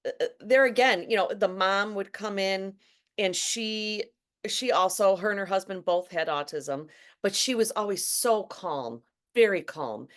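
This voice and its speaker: A woman's voice: mid-range voice, measured pace, fairly bright tone. A woman hosting a casual interview. She talks in a chatty way, often stammering and restarting her sentences. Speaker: host.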